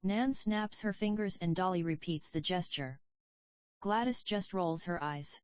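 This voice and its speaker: A woman reading a play aloud as an audiobook, giving the stage directions in a plain, even way. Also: lowish voice, a little slow, no room sound, muffled recording. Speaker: audiobook reader. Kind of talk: scripted narration of a play.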